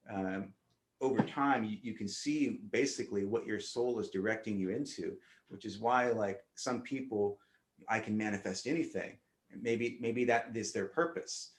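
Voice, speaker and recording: A man's voice: lowish voice, reverberant. A man on a spiritual round-table panel, earnestly telling a vivid first-person story with frequent restarts.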